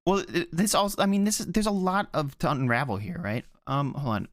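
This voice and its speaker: This is a man co-hosting a casual podcast. His voice sits a bit higher than most men's, and the sound is dry and close. He tells stories animatedly and swears freely. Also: big pitch swings, a little fast, few pauses, no room sound. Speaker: podcast co-host. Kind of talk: casual chat.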